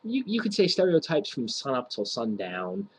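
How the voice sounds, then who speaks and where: A man's voice: mid-range voice, wildly swooping pitch, moderate pace, breathy edge, low-quality recording. A man ranting to camera in a rambling, crude, mock-offensive way, swearing freely and laughing at his own jokes. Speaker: vlogger.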